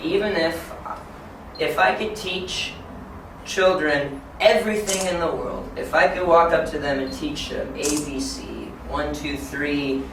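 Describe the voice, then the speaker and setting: A man in his late twenties gives a training talk to a room of teachers, bouncing into exaggerated classroom demonstrations. His voice sits a little high for a man. He is caught from some distance in a very echoey room with a light hiss of noise underneath. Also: measured pace. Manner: animated, acts out classroom scenes.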